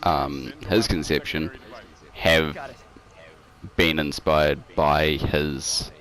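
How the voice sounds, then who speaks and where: Man, extremely low voice, casual co-host, rambling with lots of ums, online call audio. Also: a bit bright. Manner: rambling, filler-heavy storytelling. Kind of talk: casual podcast chat over a game stream. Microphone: home mic over an online call.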